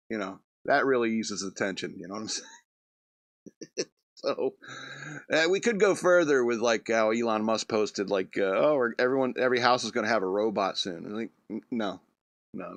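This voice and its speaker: A man's voice: lowish voice, expressive, a little slow, creaky, pauses often, dry recording. A man hosting a comedy radio show, rambling through a loose monologue with restarts and chuckles.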